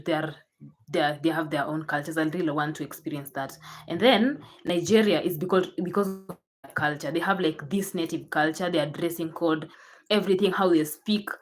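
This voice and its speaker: A young Kenyan woman with a Kenyan accent, chatting casually to her viewers with frequent restarts. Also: sits low. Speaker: YouTuber. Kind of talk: casual chat to camera.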